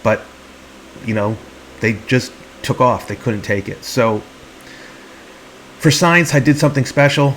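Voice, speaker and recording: A man's voice: medium pitch, normal speed, a little hiss or hum, rough recording. A man hosting a comedy video, narrating in a mock-serious, earnest tone and speaking for the birds he films. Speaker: channel host.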